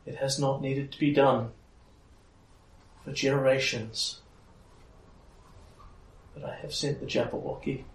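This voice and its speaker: A man voicing a solemn, regretful ruler who speaks in a grave, measured way. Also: medium pitch, little pitch movement, pitched above the performer's own voice, close to an everyday voice. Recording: roomy sound, mic at a distance.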